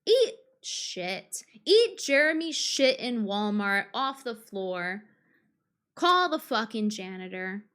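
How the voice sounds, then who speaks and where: A woman's voice: medium pitch, big pitch swings, slow, a bit bright, smooth. A woman streamer ranting on a live stream in a combative, profane way, full of fillers and restarts. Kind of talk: live-stream reaction rant.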